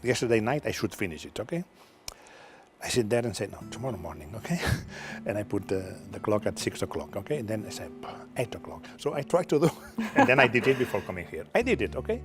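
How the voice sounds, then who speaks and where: An older man from Catalonia, a native Catalan speaker with a Catalan accent, answering interview questions in halting English, repeating words and ending thoughts with "okay?". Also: on the low side, sing-song. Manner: halting, repeats words, frequent "okay?" tags, laughs often. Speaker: television producer, guest.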